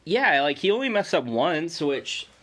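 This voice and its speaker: A man's voice: a little high, big pitch swings, unhurried, a bit bright. A young man co-hosting a podcast, telling a long story in casual chat, rambling with lots of "like" and swearing. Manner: rambling, heavy use of "like", swearing. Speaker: podcast co-host.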